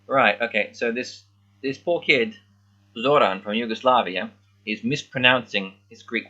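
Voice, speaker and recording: A man reading along with a children's book as a language learner, thinking aloud and sounding out words haltingly in casual commentary. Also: medium pitch, bright, forceful tone, highs cut off.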